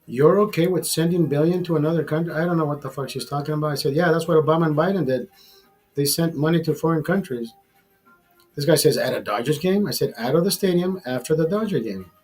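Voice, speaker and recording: A man's voice: on the high side, fast, darkish tone, breathy edge, soft background music. A man hosting a casual livestream, rambling and repeating himself while swearing freely. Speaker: livestream host.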